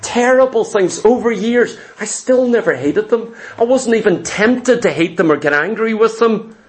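A man with a high voice preaching a sermon. He retells a scripture story with drama, slipping into the voices of its characters, then presses the point home to his listeners with emphatic exhortation. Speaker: pastor.

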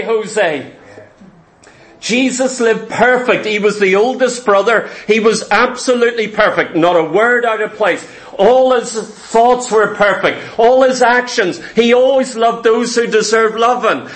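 A man preaching a sermon, stacking repeated short phrases and rhetorical questions and often clearing his throat. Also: very high voice. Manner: emphatic repetition, rhetorical questions.

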